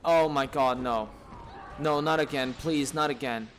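A man's voice: mid-range voice, a little slow, fairly bright tone, slight background noise. A man giving live commentary on his own gameplay, exasperated and swearing at the enemies on screen. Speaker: let's play gamer. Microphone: desk mic, camera off.

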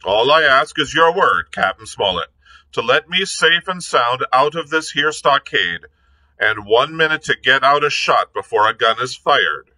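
A man doing a loud, cheery pirate captain. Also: medium pitch, animated, a little slow, pitched above the performer's own voice, heavily acted, poor audio. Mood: wheedling. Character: cheery scheming old one-legged pirate man.

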